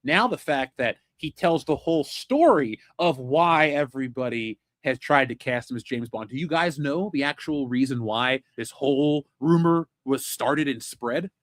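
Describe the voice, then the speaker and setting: A man's voice: mid-range voice, expressive, normal speed, few pauses, dry recording, clean studio sound. Blunt opinionated man hosting a podcast. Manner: blunt, opinionated, swears freely. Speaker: podcast host. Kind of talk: casual pop culture chat.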